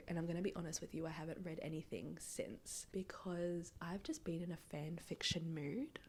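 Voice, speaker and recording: Breathy, hoarse woman whispering her chat. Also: on the low side, a little mellow. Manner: chatty, rambling, laughs often. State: hoarse, recovering from illness. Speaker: book vlogger. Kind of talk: casual reading vlog chat. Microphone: small clip-on microphones.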